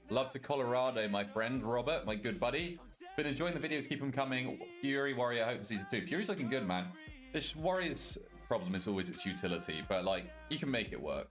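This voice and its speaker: A man's voice: medium pitch, lively intonation, fairly quick, a bit bright, faint music behind. A young British man, a streamer reading and answering his chat in loose, casual talk and swearing freely. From Britain. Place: walk-in wardrobe at home.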